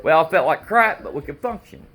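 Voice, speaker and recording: Man, casual political rant, animated and repetitive, fairly high voice, swooping pitch. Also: brisk, a little hiss or hum. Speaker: father speaking to camera at home.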